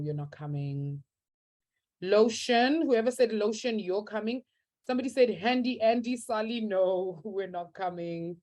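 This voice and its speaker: A woman's voice: mid-range voice, a little mellow. A young woman teaching a live online maths class, upbeat and encouraging as she reads out students' answers from the chat.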